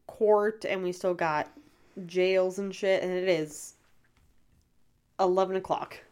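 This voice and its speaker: A woman's voice: on the low side, fairly even intonation, slow, darkish tone, smooth. A woman co-hosting a podcast, chatting casually and dropping dry, profane remarks. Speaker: podcast co-host. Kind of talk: casual chat, reacting to the story.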